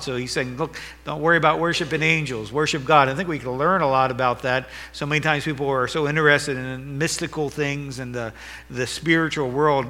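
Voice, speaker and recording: A man's voice: a little high, moderate pace, bright, forceful tone. A man preaching a sermon as pastor, reading scripture aloud with rising emphasis and leading a prayer. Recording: long reverb of a church hall.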